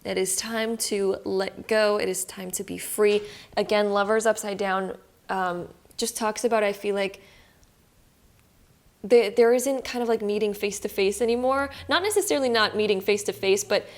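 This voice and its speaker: A woman's voice: mid-range voice, normal speed. A young adult woman from Canada with a Canadian accent, giving a rambling, reassuring tarot card reading to her viewers. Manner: rambling, reassuring, many fillers. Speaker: tarot reader. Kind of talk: casual tarot reading to camera.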